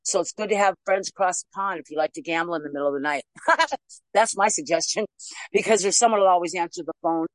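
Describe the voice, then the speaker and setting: A woman's voice: fairly low pitch, fast, no echo, rough recording. A woman from the United States speaking at a recovery meeting over a video call, earnest and supportive, laughing easily. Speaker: meeting member.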